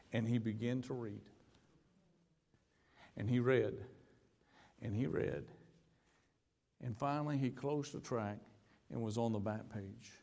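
A man's voice: medium pitch, warm tone. A man with an American accent preaching a sermon, telling a personal story with frequent repeated words and restarts. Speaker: pastor. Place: church sanctuary. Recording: long hall reverb.

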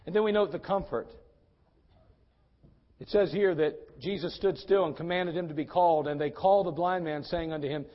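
A man preaching a sermon at a church service, animated and acting out the voices of people in his stories. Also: fairly high pitch, normal speed, highs cut off. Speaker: pastor.

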